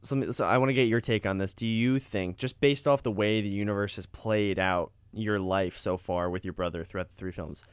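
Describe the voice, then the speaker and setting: A man's voice: on the low side, steady tone, moderate pace, few pauses, smooth, no echo, studio quality. A young man co-hosting a podcast in casual chat, with a laid-back, chatty way of talking. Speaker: podcast co-host.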